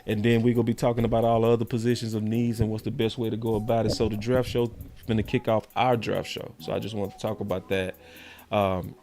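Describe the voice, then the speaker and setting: A man's voice: fairly low pitch, flat delivery, quick pace, warm tone. A man hosting a sports podcast, talking in a heated, slangy, repetitive way. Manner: fired-up, slangy, repeats himself. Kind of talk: heated casual sports talk.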